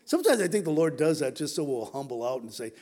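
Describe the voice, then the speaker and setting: Male pastor, casual animated sermon delivery, voice pitched a bit high, acts out the lines he quotes. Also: fast.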